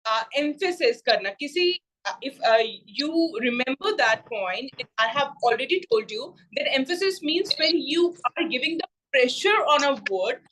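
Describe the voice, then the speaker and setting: A woman with an Indian English accent teaching a spoken English class over a video call, explaining points slowly and repeating herself. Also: high voice, expressive, fairly bright tone, rough recording.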